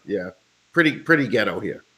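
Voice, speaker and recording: A man's voice: fairly low pitch, very animated, fairly quick, fairly bright tone, a little hiss or hum. A man from the United States, a guest in a casual chat, talking bluntly with lots of swearing and ranting.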